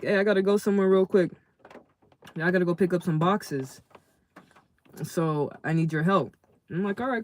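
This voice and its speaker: A man casually telling a story to his live chat in a slangy, animated way, acting out the people in it. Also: on the high side. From California. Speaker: livestream host.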